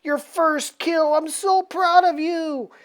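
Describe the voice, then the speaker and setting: A woman's voice: very high voice, fairly even intonation, slow pace, voice pushed up. A woman voicing a smug, gloating ancient male villain in a comic recap, in a mock-proud manner.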